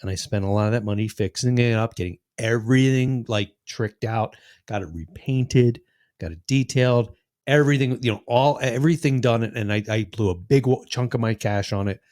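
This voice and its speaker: A podcast host in his sixties, a man of middling pitch who tells rambling, foul-mouthed stories. He keeps slipping into the voices of the people he quotes. The talk is loose and chatty. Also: moderate pace, a little mellow. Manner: rambling, profane storytelling with acted-out quotes. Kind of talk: casual chat.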